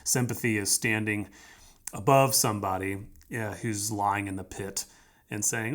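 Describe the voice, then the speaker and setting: Male pastor, lowish voice, conversational sermon delivery, emphatic and repetitive, keeps asking "right?". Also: steady tone, moderate pace, fairly bright tone. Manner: conversational, emphatic preaching with frequent "right?" and repeated phrases.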